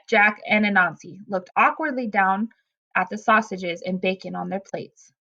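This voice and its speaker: A woman reading a children's chapter book aloud in an expressive way, with occasional slips and restarts. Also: mid-range voice. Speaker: storybook reader. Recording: dull lo-fi recording.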